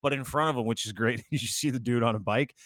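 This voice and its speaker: A man's voice: mid-range voice, a bit bright, dry recording. A man, co-hosting a casual podcast, crude and sarcastic with lots of swearing. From Canada. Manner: crude, sarcastic, quick to joke. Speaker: podcast co-host. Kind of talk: casual profane banter.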